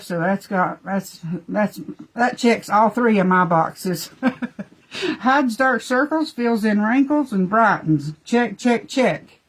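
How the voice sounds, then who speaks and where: A woman chatting folksily through a live makeup demo, talking to her dogs between steps. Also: medium pitch.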